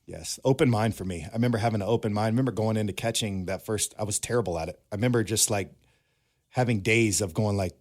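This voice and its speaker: A man in his thirties, a former pro ballplayer, telling animated anecdotes in a casual interview. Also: fairly low pitch, fast talker. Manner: animated anecdotes, acts out quoted dialogue. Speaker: former pro baseball player, guest.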